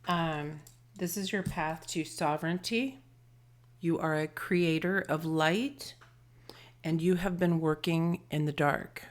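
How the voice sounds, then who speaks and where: A woman giving an intuitive tarot and charm reading, gentle and affectionate, often trailing off into soft murmurs. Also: sits low, fairly even intonation, takes it slowly. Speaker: tarot reader and channeler.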